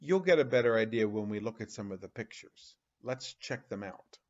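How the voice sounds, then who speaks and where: A man with a lowish voice teaches young children a phonics lesson, stretching each sound out slowly and asking questions in a lively, exaggerated manner. The recording is lo-fi.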